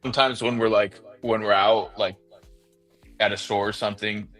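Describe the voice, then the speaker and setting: A man's voice: fairly low pitch, level tone, moderate pace, fairly bright tone, soft background music. A man hosting a live stream, chatting casually in an easygoing way. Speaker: stream host.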